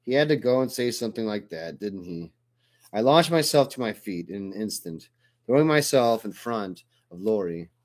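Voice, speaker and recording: A man narrating a first-person audiobook in a steady, even storytelling manner. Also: fairly low pitch, moderate pace.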